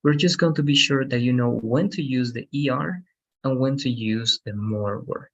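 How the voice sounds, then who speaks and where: A man teaching an English lesson, encouraging and patient, slowing down to model how words are stressed. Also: mid-range voice, slight background noise. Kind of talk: online language lesson. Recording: dull lo-fi sound.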